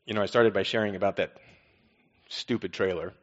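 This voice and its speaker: A man preaches in a low, easy voice, leaning on rhetorical questions and repeated refrains. The recording is dull and lo-fi. His words ring out with a long hall reverb. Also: steady tone, fairly quick. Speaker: pastor. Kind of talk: sermon.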